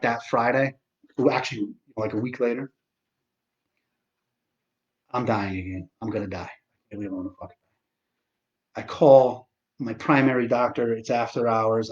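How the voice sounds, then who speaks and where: A man's voice: mid-range voice, muffled recording. Rambling, profane man in his forties. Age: 40s. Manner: rambling and profane, with restarts and self-deprecating asides. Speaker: host of a live stream. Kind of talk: casual live-stream storytelling.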